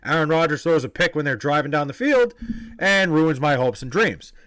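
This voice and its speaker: A young man from New York casually telling a story, animated, profane and self-deprecating. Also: a little high, moderate pace, no echo, rough recording. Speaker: vlogger telling a personal story.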